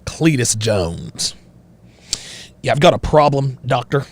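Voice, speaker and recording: A man voicing a bigoted, stern middle-aged backwoods father with a slow, drawling rural Southern accent and a lecturing manner. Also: mid-range voice, animated. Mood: folksy, confiding. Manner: lecturing, interrogating, self-righteous. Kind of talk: improvised character voice on a livestream.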